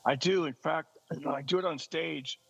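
With a husky voice and vocal fry, this forty-something stand-up comic chats at a moderate pace on a podcast, animatedly telling stories and dropping into high joke voices. The audio is poor but has no echo.

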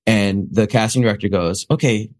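A man hosting a podcast, telling stories in a lively way and acting out the other people's voices. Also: mid-range voice, fairly quick. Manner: animated storyteller, acts out quoted voices. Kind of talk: casual podcast chat.

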